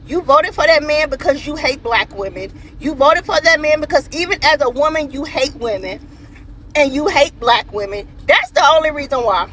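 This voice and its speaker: A woman with a high, bright voice delivers an emphatic opinion rant to camera, hammering the same points over and over. A faint hiss runs under it. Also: expressive, normal speed, rough recording. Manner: emphatic and repetitive.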